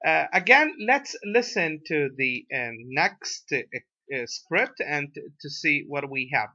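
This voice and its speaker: Brief: man with an Iraqi accent, English teacher, bright voice, very slow and halting, dull lo-fi recording. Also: on the high side, very animated. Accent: Iraqi Arabic. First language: Arabic. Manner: hesitant, many fillers, tag questions like "right?". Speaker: university English lecturer. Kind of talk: recorded lecture.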